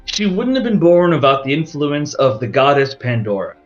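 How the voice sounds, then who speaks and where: A man's voice: fairly high pitch, big pitch swings, moderate pace. A man narrating a tabletop game as game master, in a casual, rambling way. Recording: dull lo-fi audio with faint music.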